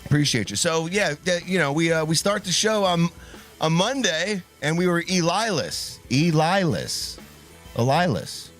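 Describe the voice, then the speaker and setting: A man's voice: fairly high pitch, moderate pace, fairly bright tone, soft background music. A man co-hosting a live call-in show, chatting casually in a rambling, joking way with many restarts.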